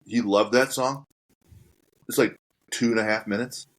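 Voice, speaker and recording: A man's voice: on the low side, steady tone, moderate pace. A man hosting a podcast, chatting casually and joking with his guest. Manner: joking, easygoing, chuckles. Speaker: podcast host. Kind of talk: casual interview chat.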